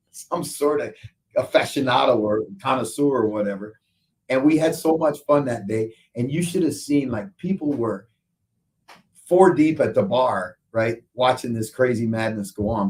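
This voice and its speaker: A male show host telling lively stories in casual chat, often tagging lines with "right?". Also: medium pitch, normal speed, recorded from a distance. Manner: animated storyteller, frequent "right?". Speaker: show host, football analyst.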